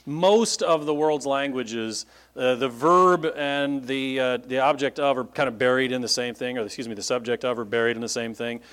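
A pastor giving a conversational Bible-teaching sermon to a congregation, explaining points and checking in with listeners by asking "right?" and "okay?". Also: male voice, medium pitch, moderate pace, fairly bright tone. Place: church meeting room with a congregation.

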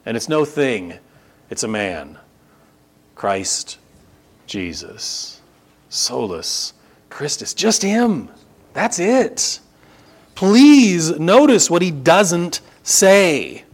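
A pastor delivering a sermon, stressing key phrases and repeating them for emphasis. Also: male voice, fairly high pitch, very animated, extremely slow, long pauses.

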